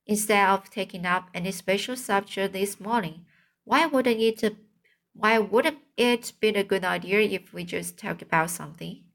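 A woman reading as a brisk little mouse schoolteacher. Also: medium pitch, a bit bright, close to an everyday voice. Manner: brisk, dismissive, stumbles over long words. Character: tiny bossy male mouse schoolteacher, brisk. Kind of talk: storybook reading aloud.

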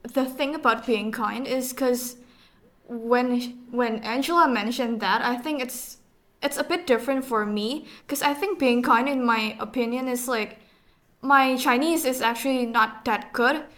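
A young woman, a university student guest, chatting on a podcast in a relaxed, casual way with "like" fillers. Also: a little high, a little slow. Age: young adult.

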